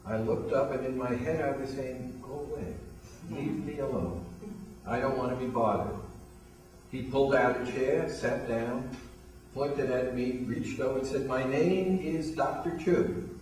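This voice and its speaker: A man's voice: mid-range voice, steady tone, normal speed, darkish tone, distant mic. An older man, founder of a weight loss program, telling a long anecdote as a guest and acting out the lines of the people in it. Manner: anecdotal, acts out quoted dialogue. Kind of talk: storytelling interview. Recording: echoey room, voice from off-mic.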